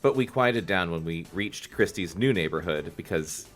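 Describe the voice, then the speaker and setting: A man co-hosting a comedy podcast, reading a children's book aloud with jokey asides and squeaky put-on voices. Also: normal speed, fairly bright tone, soft background music.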